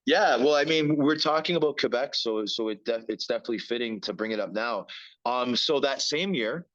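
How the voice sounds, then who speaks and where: A man's voice: on the low side, fairly bright tone. A man in his thirties chats as a guest about his hockey career. He rambles, stumbles over repeated words and leans on fillers. The recording sounds dull and lo-fi. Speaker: guest, former pro hockey player. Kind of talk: casual interview chat.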